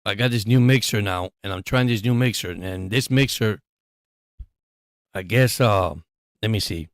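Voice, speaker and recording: Man hosting a sports stream, casual rambling chat, low voice, dry sound. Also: no echo. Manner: chatty, rambling, quick to laugh. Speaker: live-stream sports host.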